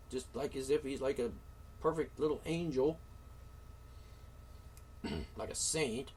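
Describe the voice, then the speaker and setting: A man's voice: fairly high pitch, measured pace, pauses often, slightly rough, far from the mic. A man hosting a solo talk show, ranting indignantly with curses, sighs and sarcastic asides. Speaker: show host.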